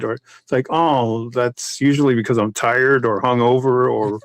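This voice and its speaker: A comic artist talking in a casual podcast chat, rambling with many restarts and fillers. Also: male voice, medium pitch, steady tone, unhurried, few pauses, no room sound.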